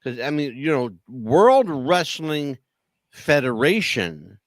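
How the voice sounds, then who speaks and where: Man, podcast co-host, emphatic rambler, lively pitch, dry recording. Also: takes it slowly, dry recording. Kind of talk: casual wrestling talk.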